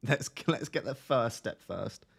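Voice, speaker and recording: A man's voice: medium pitch, lively intonation, measured pace, gravelly, fairly bright tone, slightly rough. A young man with an Essex accent, hosting a casual live stream and chatting back to his viewers. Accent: Essex English. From Essex, England. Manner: chatty, reads and answers viewer chat. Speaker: livestream host. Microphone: close desk microphone.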